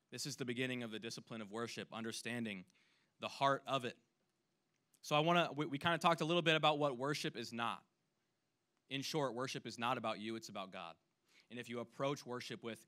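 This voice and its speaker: A man preaching a sermon as a youth pastor, earnest, dropping to a hush and then rising to loud emphasis. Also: mid-range voice, expressive, brisk. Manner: earnest, swings between hushed and loud emphasis; acts out imagined voices when quoting.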